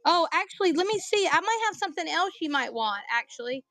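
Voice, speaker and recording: A woman's voice: very high voice, expressive, fast, fairly bright tone. A woman with an American country accent, chatting casually to viewers as a livestream seller, joking and calling people by name. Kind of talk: casual live sales chat.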